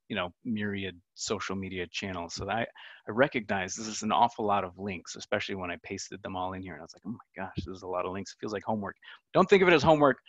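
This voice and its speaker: A man's voice: lowish voice, a bit bright, dry recording, dull audio. A man giving a casual online talk as a conference speaker, chatty and self-deprecating, with lots of ums and uhs.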